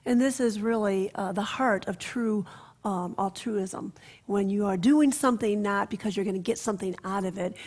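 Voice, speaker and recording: A woman minister giving a sermon, telling stories in an expressive way that drops to soft, hushed passages. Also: mid-range voice, moderate pace.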